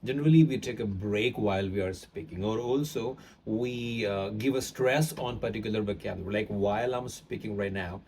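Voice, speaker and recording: A man's voice: lowish voice, fairly quick, hardly any pauses, darkish tone, a little hiss or hum. A man with an Indian accent explaining things in an online English lesson, with many fillers and words stressed for emphasis. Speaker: English teacher.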